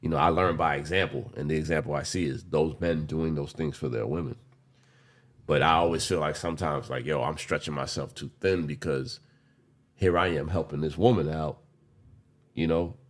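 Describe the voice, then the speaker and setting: A man in his forties with a very deep voice chats casually on a podcast he co-hosts. He speaks at a moderate pace, candid and loose, rambling through his thoughts with street slang and the odd swear word.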